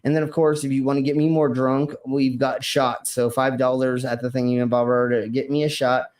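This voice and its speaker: A man's voice: mid-range voice, level tone, a little fast, a little mellow. A man hosting a casual live stream, laid-back and often laughing, with plenty of stammered restarts. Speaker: stream host. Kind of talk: casual chat.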